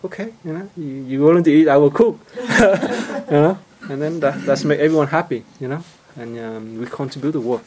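Halting man. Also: a little high, crowd noise, poor audio. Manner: halting non-native English, many fillers and restarts; gets animated and laughs when acting out scenes. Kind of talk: informal teaching talk.

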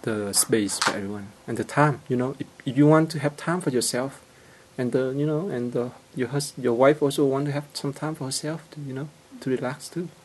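A man giving an informal teaching talk in halting English, full of fillers and restarts, growing animated as he acts out everyday scenes. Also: medium pitch, poor audio. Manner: gets animated and laughs when acting out scenes.

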